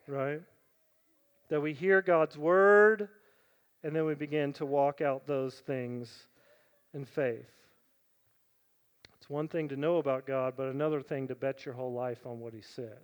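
High-voiced, smooth-toned preaching pastor. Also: male voice, unhurried, long pauses, highs cut off. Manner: emphatic preaching, swinging between loud questions and quiet asides; conversational, often adding "right?". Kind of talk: sermon. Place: church sanctuary.

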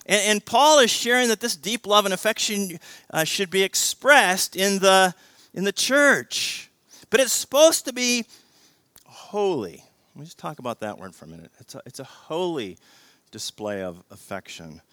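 A middle-aged man preaching a sermon with animated swings between loud emphasis and quiet intensity, often repeating words and asking "right?". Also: high-pitched, moderate pace, no room sound. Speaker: pastor.

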